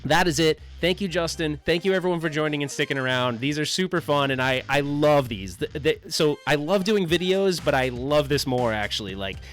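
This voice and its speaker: A man chats loosely with his livestream audience, rambling and joking in a slightly raised voice. Faint music plays softly under him. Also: on the high side, a little fast, few pauses. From United States. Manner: jokey, rambling, does goofy put-on voices. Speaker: livestream host. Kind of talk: casual livestream chat.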